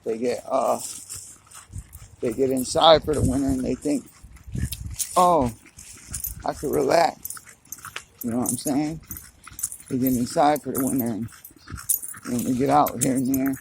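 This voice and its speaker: A man's voice: medium pitch, fairly even intonation, normal speed, creaky, long pauses, darkish tone, a little hiss or hum, poor audio. A man chatting casually while walking his dog outdoors, filming on his phone, with a laid-back, chatty manner. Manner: laid-back, chatty, full of "you know what I'm saying". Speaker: dog owner vlogger. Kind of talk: casual walk-and-talk vlog.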